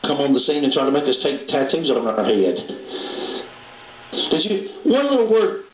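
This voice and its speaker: A man's voice: medium pitch, big pitch swings, moderate pace. A man preaching a sermon, folksy and full of storytelling. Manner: folksy, storytelling preacher with a Southern turn of phrase. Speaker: pastor. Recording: roomy, dull livestream recording with hiss.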